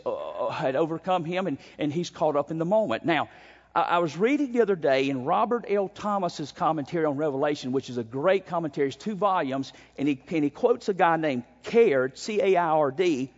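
A man preaching an expository sermon, emphatic, with frequent stumbling repeated starts. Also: on the high side. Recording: dull sound in a long-reverb hall.

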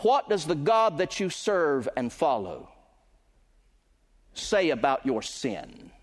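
Male pastor, emphatic pulpit delivery that climbs at climaxes and lingers on key words; high pitch, ringing hall. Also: big pitch swings. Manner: emphatic preaching, swelling louder and higher at climaxes, slowing on key words. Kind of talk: sermon. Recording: long reverb of a large hall.

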